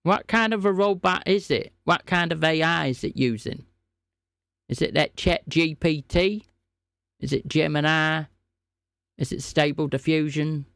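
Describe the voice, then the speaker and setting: A man's voice: on the high side, measured pace, vocal fry, a bit bright, no echo, studio quality. A man live-streaming a scambaiting call, teasing and playing mock-innocent. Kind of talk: live scam-call banter.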